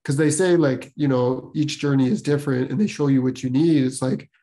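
Mellow-voiced man telling his story. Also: mid-range voice, steady tone, a little fast. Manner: rambling, heavy on filler words. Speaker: podcast host. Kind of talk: casual personal storytelling.

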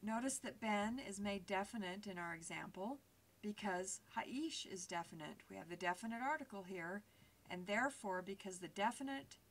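A woman teacher talks through a recorded grammar lesson over slides at a mid-range pitch, patient and methodical. She pauses on fillers as she explains each point step by step. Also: fairly bright tone.

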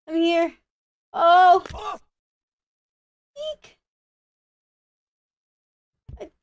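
A young woman commenting as she plays a video game, excitable, shrieking and groaning as she wins and fails. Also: high voice. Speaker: gaming YouTuber. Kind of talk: let's play commentary.

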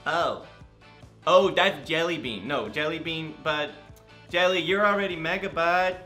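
A young man giving excited gameplay commentary, gushing and talking straight to his fans while very tired from little sleep. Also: on the high side, measured pace, soft background music. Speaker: gaming YouTuber.

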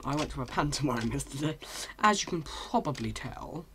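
Bright, rambling British gamer guy. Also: medium pitch, fairly quick, breathy edge. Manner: rambling, hesitant, bursts into excited yelps. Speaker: gaming channel host. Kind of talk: let's play commentary.

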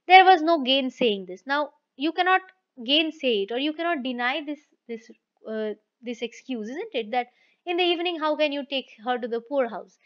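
A woman's voice: sits high, lively intonation, moderate pace. A woman teacher reads a story aloud and stops often to restate each passage in simple words. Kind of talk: reading and explaining a story. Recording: dull lo-fi recording.

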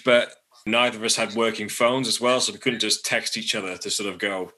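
Thoughtful low-voiced English man reminiscing. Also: fairly even intonation, fairly quick, sharp tone. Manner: thoughtful, hedging with you know and sort of. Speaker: travel vlogger looking back. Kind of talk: casual reflective chat.

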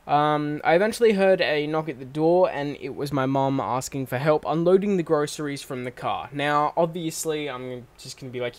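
A young man in his late teens, vlogging from his bedroom into a microphone on a stand at his desk. His voice sits a bit high for a man. He rambles loosely, swears often and keeps correcting himself mid-sentence. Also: moderate pace, hardly any pauses. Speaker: channel host. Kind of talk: casual vlog monologue. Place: bedroom recording setup at home.

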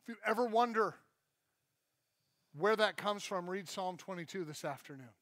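A man's voice: high voice, animated, normal speed, a bit bright, dry recording. A male pastor preaching a live sermon at a church service, conversational and joking, with self-deprecating asides.

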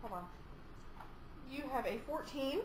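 A woman with a slightly high voice calls out numbers in short, matter-of-fact bursts. The room rings with echo, with faint noise behind. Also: animated, a little slow. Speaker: number caller in a challenge. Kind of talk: rowdy group challenge chat.

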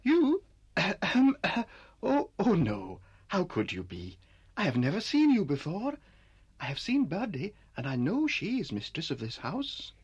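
A woman voicing an earnest, polite little male doll who is a bit flustered, in an animated series. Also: on the low side, a little slow, slightly rough, highs cut off, exaggerated voice. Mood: indignant.

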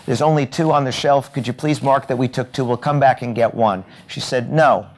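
A man with a mid-range voice gives a fairly quick, lively keynote at a hotel event, telling stories and performing the dialogue of each character in them.

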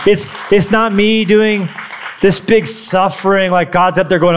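A man preaching a sermon as a pastor, energetic and playful, with quick asides and calls to the congregation. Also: sits high, smooth. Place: church auditorium.

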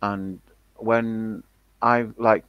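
Low-voiced man chatting haltingly. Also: level tone, clean tone, dry recording, muffled recording. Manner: halting, many fillers and restarts. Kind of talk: casual chat.

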